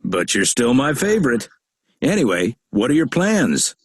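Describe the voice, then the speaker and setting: A man's voice: mid-range voice, sing-song, unhurried, husky, dry recording. A middle-aged man playing a joking, genial uncle in a textbook audio dialogue. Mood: teasing. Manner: warm, teasing, storytelling.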